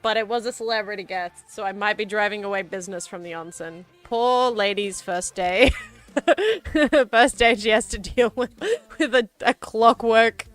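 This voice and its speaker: A woman's voice: mid-range voice, fairly even intonation, moderate pace. Giggly, rambling young woman streamer. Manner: rambling and giggly, lots of fillers. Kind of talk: casual chat. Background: faint background music.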